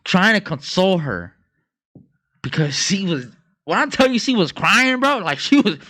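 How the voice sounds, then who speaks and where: Animated, bright-voiced young man telling stories. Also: sits high, moderate pace. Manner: animated, slangy storytelling, laughs often. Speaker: podcast co-host. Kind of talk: casual chat, storytelling.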